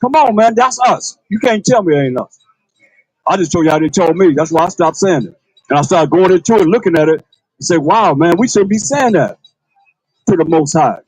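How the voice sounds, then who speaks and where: A man preaches in a loose, conversational manner, circling back to the same points and firing off rhetorical questions. His voice sits fairly high and has a husky edge. The recording is dry and close. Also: animated, a little fast, darkish tone, no room sound, poor audio. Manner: colloquial, calls on a reader to read. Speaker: priest. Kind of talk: livestreamed sermon.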